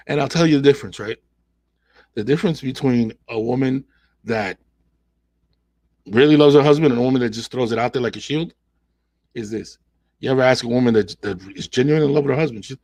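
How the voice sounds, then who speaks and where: A man hosting a solo relationship podcast, talking in an animated way and acting out quoted voices as he makes his points. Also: medium pitch, fast talker, husky, no room sound. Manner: animated, mimics women in quoted asides. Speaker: podcast host.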